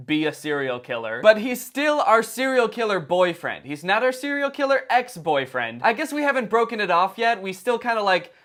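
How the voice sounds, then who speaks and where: A young man giving sarcastic comedic commentary on online videos with deadpan asides. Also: sits high, moderate pace, few pauses. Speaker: commentary youtuber.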